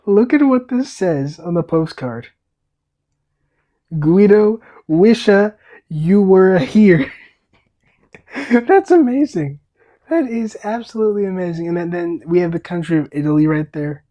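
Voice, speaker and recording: A man's voice: high-pitched, lively intonation, normal speed, warm tone, lo-fi sound. A young man hosting a read-aloud of a picture book, enthusiastic, with stammering restarts and laughing asides. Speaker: storybook reader, channel host.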